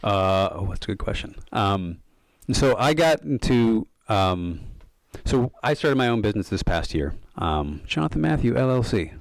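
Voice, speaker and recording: A man with a very deep voice, recorded close and dry, talks through his ideas as a podcast guest. He tells stories in a loose, thoughtful way, often saying "like" and "um". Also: sing-song, moderate pace, creaky, dry recording. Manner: thoughtful, many fillers of "like" and "um". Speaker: podcast guest, yoga and meditation coach. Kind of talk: casual reflective storytelling.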